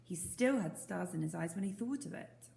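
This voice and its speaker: A woman teacher reading a storybook aloud, gentle and asking the listeners questions. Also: fairly low pitch, lively intonation, moderate pace, vocal fry, slight background noise. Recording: roomy echo.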